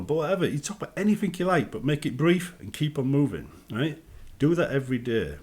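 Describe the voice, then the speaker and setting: British man, casual vlog advice, animated up-and-down voice, chatty. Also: fairly high pitch, quick pace. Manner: chatty, acts out everyday greetings. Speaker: gaming vlogger.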